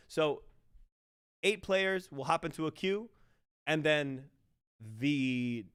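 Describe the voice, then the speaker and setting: A man casting an esports match on a livestream in a relaxed, chatty way, talking to his chat. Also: a little high, clean tone, no echo, studio quality. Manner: laid-back, chatty, apologetic about the stream. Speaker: esports caster. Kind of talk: casual livestream commentary.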